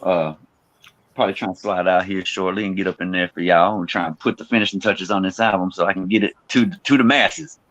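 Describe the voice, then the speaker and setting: A man's voice: sits low, a little fast, muffled recording. A man, a rapper guest telling stories in casual interview chat and acting out quotes. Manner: animated storyteller, acts out quotes.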